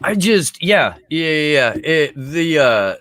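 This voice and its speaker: A man co-hosting a podcast in casual chat, speaking in a measured, reflective way. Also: a little high, big pitch swings, fairly bright tone, no room sound. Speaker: podcast co-host.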